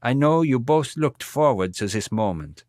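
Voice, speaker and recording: A man's voice: medium pitch, animated, normal speed, darkish tone, no room sound, clean studio sound, pitched above the performer's own voice, lightly acted. A man doing a mournful old director with a heavy German accent. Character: elderly male film director mourning a friend.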